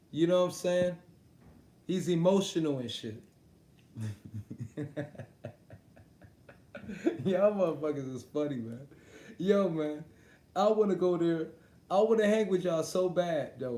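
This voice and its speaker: A man's voice: high voice, mellow. A man hosting a casual live stream, swearing freely, laughing often and talking straight to his viewers. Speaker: sports talk streamer. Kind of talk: casual livestream chat about boxing. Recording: roomy echo.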